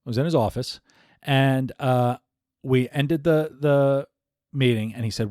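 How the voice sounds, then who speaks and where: A man's voice: medium pitch, a little slow, a little mellow, no room sound. A man hosts a solo podcast, offering blunt coaching advice in an emphatic, conversational manner. His voice sits in a middle register. The recording is dry and close, with no room sound. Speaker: executive coach and podcast host.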